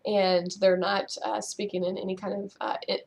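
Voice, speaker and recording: A middle-aged woman chats her way through a laughter yoga lesson at home, playful and loose, with plenty of fillers and laughs. Her voice sits at an ordinary middle pitch and is recorded close on a home camera. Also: level tone, moderate pace, creaky, darkish tone. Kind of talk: casual instructional video. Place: at home, just woken up.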